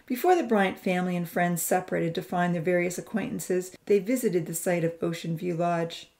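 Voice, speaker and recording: A woman narrating a Christian novel in a measured, expressive reading voice. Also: fairly low pitch. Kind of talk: scripted audiobook narration.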